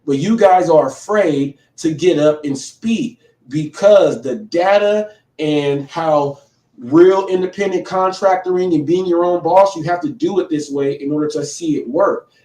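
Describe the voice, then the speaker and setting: This male livestream host's voice is slightly high and dark, and he's far from the microphone in an echoey room. He calls out a rival confrontationally, rambling and starting over again and again.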